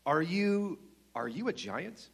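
Storybook boy, frightened and lost, man reading it high, pleading, anxious. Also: big pitch swings, slow, creaky, slightly rough, big-room sound, exaggerated voice. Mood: timid.

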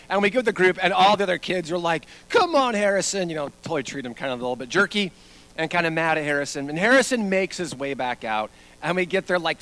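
A middle-aged man preaching a sermon, reading scripture and then telling a lively story, acting out the quoted lines. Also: high voice. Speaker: pastor.

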